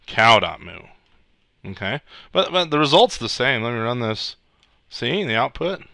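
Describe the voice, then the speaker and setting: A man giving a casual screencast coding lesson, thinking aloud as he types, with frequent restarts and throat clearing. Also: mid-range voice, sing-song, a little slow, sharp tone, no room sound. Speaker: programming instructor.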